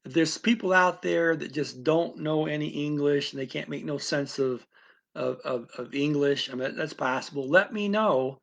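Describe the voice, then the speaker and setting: A man's voice: fairly high pitch, normal speed, gravelly, a bit bright, lo-fi sound. A man teaching a language-learning method, explaining it in an unscripted, rambling talk full of restarts and asides.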